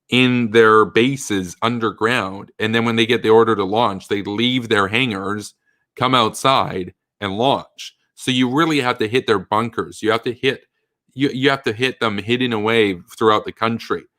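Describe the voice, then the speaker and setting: A man's voice: fairly low pitch, fairly bright tone, no echo. A man giving blunt, emphatic political commentary on a livestream, thinking aloud and reading viewer comments.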